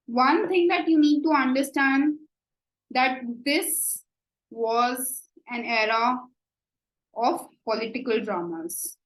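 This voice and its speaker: A woman with an Indian English accent giving an exam coaching lecture, slow and deliberate, often checking with "right?". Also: fairly high pitch, reverberant, poor audio. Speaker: teacher.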